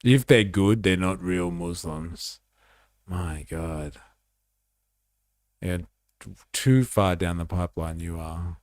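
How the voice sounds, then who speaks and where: A man's voice: sits low, takes it slowly, pauses often, darkish tone, no echo, studio quality. An Australian man giving blunt, sarcastic livestream commentary, swearing freely as he reacts to posts. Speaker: live streamer.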